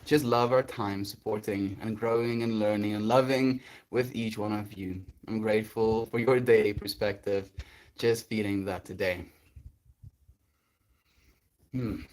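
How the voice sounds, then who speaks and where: A man chatting casually on a spiritual livestream, reading and answering his chat in a gentle, rambling, affectionate way. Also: on the low side, steady tone, a little slow, long pauses.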